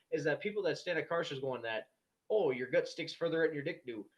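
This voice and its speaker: A man running a casual live stream, reading the chat aloud and firing back at trolls in a blunt, swear-heavy way. His voice sits at a middle pitch. The audio is a little dull and lo-fi, like ordinary stream sound. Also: fairly bright tone. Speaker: livestream host.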